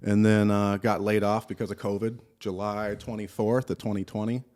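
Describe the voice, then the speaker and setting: A man's voice: on the low side, level tone, normal speed, a little mellow. Easygoing man in his thirties from Cleveland. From Cleveland, Ohio, USA. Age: 30s. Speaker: guest, dog trainer. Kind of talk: casual chat.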